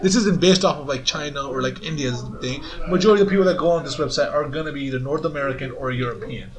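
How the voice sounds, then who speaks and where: Fast-talking, argumentative young man. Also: on the high side, a crowd in the background. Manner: argumentative, talks over others insistently. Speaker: podcast co-host. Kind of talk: casual chat.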